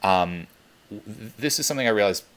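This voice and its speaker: A man's voice: fairly low pitch, animated, normal speed, fairly bright tone. A young man coaching on a teleconference, talking bluntly with plenty of swearing and emphatic repetition. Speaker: dating coach.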